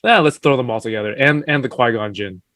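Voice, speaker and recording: A man's voice: medium pitch, fast talker, fairly bright tone, no room sound. A man co-hosting a live stream, joking around in casual chat. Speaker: co-host.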